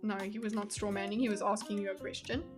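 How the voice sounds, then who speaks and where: A woman's voice: medium pitch, little pitch movement, fast talker, soft background music. A woman streamer giving casual live commentary in a blunt, exasperated, sarcastic way.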